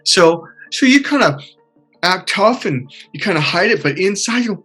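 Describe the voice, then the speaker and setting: A man coaching a client in conversation, animated and acting out panicked inner voices. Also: high-pitched, normal speed, husky, faint music behind.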